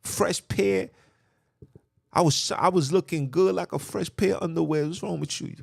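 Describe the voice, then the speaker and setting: A man hosting a podcast, delivering an impassioned religious monologue with an animated, preachy manner and a habit of repeating himself for emphasis. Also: high voice, normal speed, gravelly, breathy edge, dry recording, studio quality. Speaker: podcast host.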